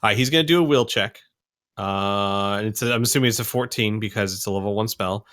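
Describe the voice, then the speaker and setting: A man running a tabletop game as game master, narrating and ruling with quick, lively talk and frequent laughs. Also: lowish voice. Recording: home podcast recording.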